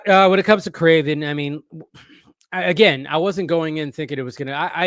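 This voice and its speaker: His voice sits on the high side, fairly bright, clear, and resonant. While hosting a casual movie-news stream, he rambles, repeatedly begins sentences again, and reads viewers' messages aloud, recorded dry with clean studio sound.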